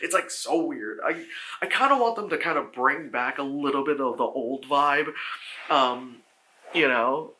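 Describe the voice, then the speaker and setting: A man giving a casual spoken film review, rambling with lots of "like" fillers and swearing, and acting out characters in sudden high shouts. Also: a little slow, slight background noise.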